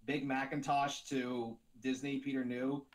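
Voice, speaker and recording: A man's voice: mid-range voice, level tone, a little slow. A man co-hosting a casual chat, asking rambling questions full of false starts.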